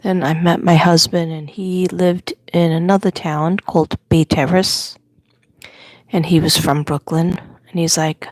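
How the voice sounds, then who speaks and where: Older woman, New York accent, lowish voice, chatty rambling talk, dry close sound. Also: fairly even intonation, moderate pace, a little mellow, no room sound. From Staten Island, New York. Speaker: livestream host. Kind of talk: casual chat.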